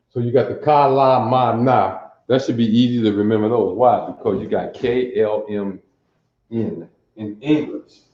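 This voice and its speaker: A Detroit-accented man teaches in a slow, unhurried way, often repeating himself and asking if the class is still with him. His voice is low and mellow. The sound is dull and echoes around the classroom. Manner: repeats phrases, checks in with the class. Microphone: camera mic, sometimes far away. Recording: echoey dull room recording.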